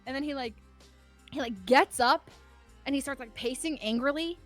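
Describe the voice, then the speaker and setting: Young female podcast guest, high-pitched, animated casual storyteller, faint music underneath. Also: moderate pace. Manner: animated, lots of "like" fillers.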